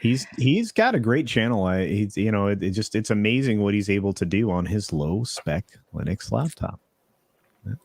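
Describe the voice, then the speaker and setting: A man chatting casually as a guest on a livestream, easygoing and halting. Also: lowish voice, sing-song, vocal fry, a little mellow, no echo. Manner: easygoing, stammers and restarts. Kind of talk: casual chat.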